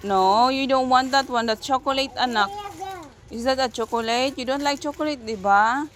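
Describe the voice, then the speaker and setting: In a high, fairly bright voice at a moderate pace, a young Filipino mother talks casually to her vlog audience. She waits outside near a clinic with her children, mixing English and Tagalog as she coaxes and reprimands her toddler, while cars pass noisily behind.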